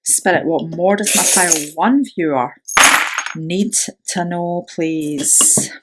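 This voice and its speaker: A woman's voice: on the low side, takes it slowly, very noisy. A woman giving a pick-a-card tarot reading, speaking in a soothing, affirming way and often tagging her phrases with "right?". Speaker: tarot reader.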